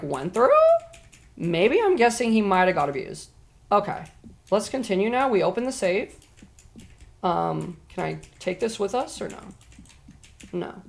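A woman livestreams a horror game, chatting excitably with her viewers and swearing whenever something startles her. Her voice is medium in pitch and creaky.

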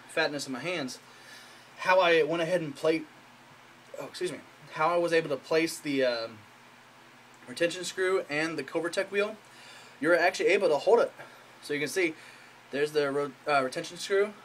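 A man with a slightly higher voice chats eagerly through a home show-and-tell video. He rambles, restarts and fills gaps with "uh" and "okay?". It is caught on a camera mic in a small room with faint hiss behind. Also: fairly bright tone, rough recording. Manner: rambling, enthusiastic, many fillers. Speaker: hobbyist showing a custom saber. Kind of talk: casual show-and-tell vlog.

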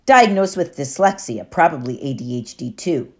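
A woman narrator plays a clever, self-assured teenage girl in an audiobook. She explains with patient certainty and lively, rising pitch. Her tone stays low-set and even. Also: normal speed. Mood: knowing. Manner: knowing and explanatory.

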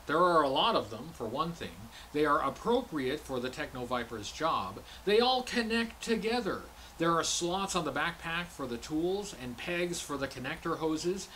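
A man with a notably high voice delivers a scripted toy review as host. He speaks in a measured, deliberate way. A faint hiss sits behind him. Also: fairly bright tone.

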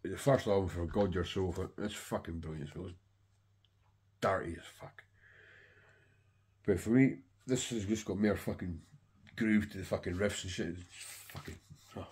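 A man's voice: low-pitched, moderate pace, a little mellow, breathy edge. A middle-aged man and record collector chatting casually to camera, rambling and swearing heavily with enthusiasm.

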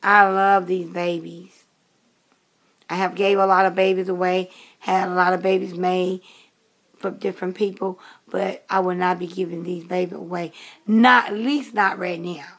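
A woman's voice: fairly low pitch, level tone, moderate pace, fairly bright tone. A woman in her late fifties chatting casually to camera in a rambling way, with many fillers and restarts. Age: 50s. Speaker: vlogger.

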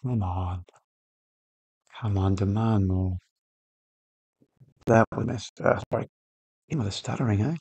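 This man's voice sits on the low side, gravelly and husky, a little slow and full of long pauses. Hosting a football management game video for his gaming channel, he chats casually but grows excitable, yelling at the on-screen players as the match unfolds.

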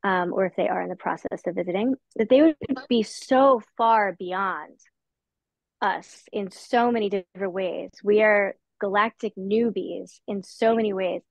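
A woman's voice: mid-range voice, measured pace, vocal fry, dry recording. Thoughtful woman author, dry dull sound. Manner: thoughtful, with restarts and soft laughs. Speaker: author being interviewed. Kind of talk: conversational author interview.

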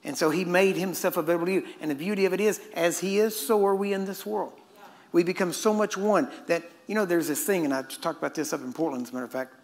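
A man's voice: high voice, steady tone, fast. Conversational male preacher, calls for amens. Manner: conversational, asks the crowd "Amen?" often; acts out quoted voices and chuckles mid-point. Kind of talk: sermon.

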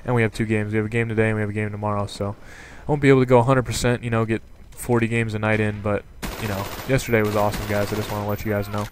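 A young man talks through his own match in a rambling, excitable way, his voice sitting a bit low. Gunfire and explosions from the game play clearly underneath him. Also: rapid-fire, few pauses, slight background noise. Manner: rambling, excitable, full of fillers. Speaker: gaming commentator. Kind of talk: casual gameplay commentary. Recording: game sound and gunfire behind. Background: gunfire from gameplay.

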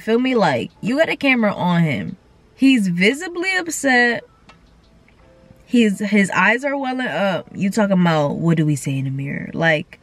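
A young woman vlogger with a medium-pitched voice chats casually to camera, recorded without echo. She tells her stories animatedly, full of quoted voices and laughter.

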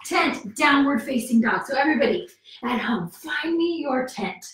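A woman with a high, somewhat bright voice leads a kids' yoga class, upbeat and coaxing, counting moves and cheering at a moderate pace with expressive delivery. She's a bit out of breath, and her voice comes from some distance in an echoey room with slight background noise.

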